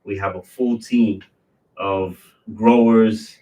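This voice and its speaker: A man's voice: on the low side, steady tone, dark tone. New man telling his story from a distance. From New York. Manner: storytelling, lists things off in quick runs. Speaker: business owner guest. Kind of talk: casual interview chat.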